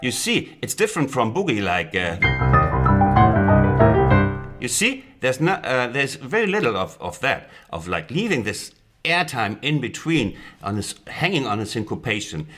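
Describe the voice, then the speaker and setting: A man teaching a piano lesson in a playful way, counting rhythms out loud and joking. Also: medium pitch, big pitch swings, normal speed. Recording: loud piano playing under the voice.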